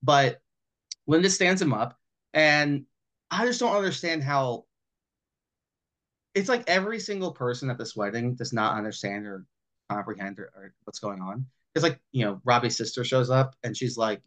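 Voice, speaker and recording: A man co-hosting a podcast who talks a film over in casual chat, swearing freely and acting out the characters' lines in quick little voices. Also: medium pitch, animated, fairly bright tone. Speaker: podcast co-host.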